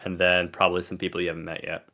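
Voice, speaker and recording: A man's voice: sits low, completely flat delivery, racing, sharp tone, highs cut off. A man running a tabletop role-playing game as game master, giving dry, matter-of-fact rulings.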